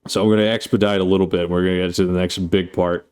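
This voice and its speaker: A man with a very deep voice walks through a movie's plot in a loose, unscripted recap. He swears freely, leans on filler words, and laughs at his own retelling. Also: level tone, fast, a little mellow, smooth. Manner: rambling, profane, laughs often. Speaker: host.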